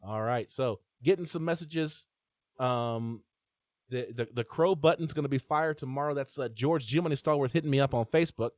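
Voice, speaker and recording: A man hosts a live call-in sports show with chatty energy, stumbling over fillers and restarting lines. His voice sits in a middle pitch, close to the mic in a very dry space with no room sound. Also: moderate pace, darkish tone, no room sound. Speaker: host.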